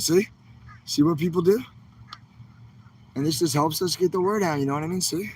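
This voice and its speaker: Upbeat man livestreaming outdoors, slightly high. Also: normal speed, pauses often, darkish tone, a little hiss or hum, rough recording. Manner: upbeat, rambling, addresses viewers directly. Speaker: livestream host. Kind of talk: casual walk-and-talk livestream. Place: outdoor protest camp by a street.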